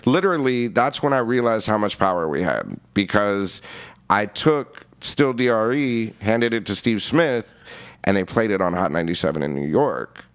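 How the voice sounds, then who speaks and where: A male podcast guest telling an animated story in a casual way. He swears often and keeps asking "you know what I mean". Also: lowish voice, normal speed, smooth. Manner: casual, profane, peppered with 'you know what I mean'. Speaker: interview guest. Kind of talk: animated storytelling with acted-out quotes.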